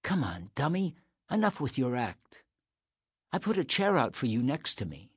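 A man's voice: mid-range voice, very animated, normal speed, breathy edge, no room sound, voice pushed up. A man voicing a sick sixteen-year-old girl who teases and coaxes a boy. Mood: teasing. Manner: playful, coaxing.

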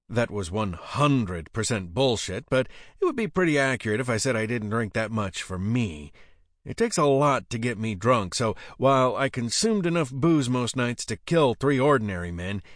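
A man's voice: mid-range voice, animated, normal speed, no echo, studio quality. A man narrating first-person fiction with a wry, gritty delivery. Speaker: audiobook narrator.

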